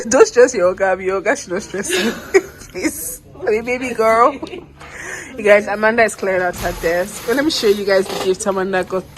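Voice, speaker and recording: A woman's voice: mid-range voice, lively intonation, moderate pace, a crowd in the background. A woman, chatting and teasing coworkers in a busy office. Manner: teasing, laughing. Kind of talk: casual office chat.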